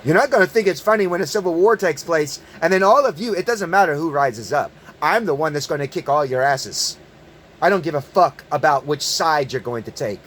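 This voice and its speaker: A man with a fairly high voice rants in a fierce, profanity-laced monologue, hammering his points and stumbling over repeated words. Faint background noise sits under his voice. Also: lively intonation, brisk, a bit bright. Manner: angry, profane, emphatic. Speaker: online commentator. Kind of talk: ranting monologue.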